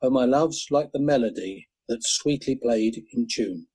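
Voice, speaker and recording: A man reciting poems in a measured, gentle way over an online call. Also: medium pitch, husky, poor audio. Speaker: poetry reader. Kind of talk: poetry reading.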